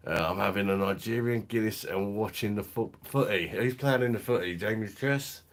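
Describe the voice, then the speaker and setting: At a moderate pace and fairly low pitch, a middle-aged man hosts a beer review live stream from his home. He keeps it casual, swears, laughs frequently and reads out what the chat says.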